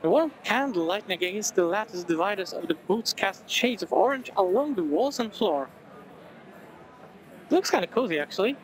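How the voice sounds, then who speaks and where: Reading a visual novel out loud during a let's play, a man chimes in with chatty, wry comments. His voice sits high and animated at a moderate pace, in low-quality audio with game music underneath.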